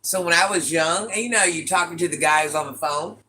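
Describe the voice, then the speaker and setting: A woman with a deep, raspy voice hosting a casual livestream, chatting and teasing as she reads viewers' comments. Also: a little fast, sharp tone. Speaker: livestream host reading chat. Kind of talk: casual live chat with viewers.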